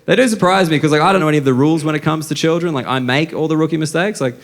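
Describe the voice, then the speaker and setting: Brash Australian comedian on stage. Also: male voice, a little high. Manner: brash, profane, deadpan storytelling with quick asides. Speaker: stand-up comedian. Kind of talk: stand-up comedy set. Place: comedy stage with live audience laughing. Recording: live show with audience noise.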